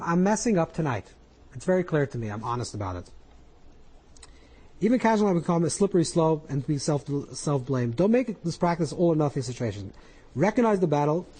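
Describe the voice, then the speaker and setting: A man's voice: a little high, darkish tone, breathy edge, poor audio. A man, a rabbi, giving an earnest spoken Torah class, coaching listeners through their inner voices with frequent repetition.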